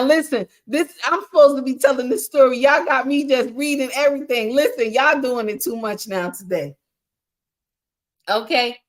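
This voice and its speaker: A woman hosts a relationship-advice livestream in a fairly high voice. She preaches in an animated, lively way, calls her listeners honey, and answers chat comments as they come in. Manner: reacts to chat comments while talking.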